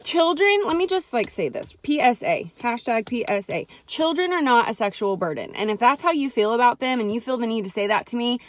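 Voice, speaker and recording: A woman's voice: a little high, expressive, a little fast, hardly any pauses. A young mother, ranting sarcastically to camera in a chatty vlog full of "like" fillers. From Texas. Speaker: vlogger.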